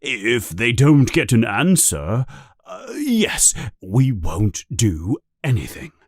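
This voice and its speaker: A blustering, easily rattled storybook uncle who stammers and barks his words out slowly, as a man puts him on. The voice is dry and close, with no room around it. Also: medium pitch, big pitch swings, slightly rough, no room sound, heavily acted. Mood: nervous. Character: blustering, scared middle-aged man.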